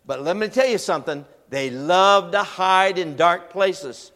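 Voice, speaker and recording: A man preaching a storytelling sermon in a folksy, animated way, acting out voices as he tells stories. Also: high-pitched, a little slow. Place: large church hall. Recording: long hall reverb.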